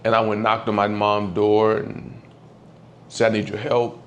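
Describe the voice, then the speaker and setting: A man telling the story of losing his old dog, candid and halting, often close to tears as his voice drops. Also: monotone, dull audio, slight background noise. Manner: candid, halting, swears, voice drops low when upset. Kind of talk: emotional personal storytelling.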